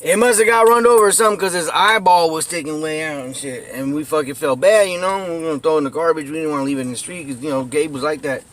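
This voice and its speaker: A man's voice: on the high side, fast, few pauses, fairly bright tone. A tipsy man walking through his old neighborhood, telling rambling, profane stories into a handheld phone and laughing often between phrases. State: tipsy, buzzed. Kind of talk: casual rambling storytelling. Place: outdoors on a neighborhood street and alleyway.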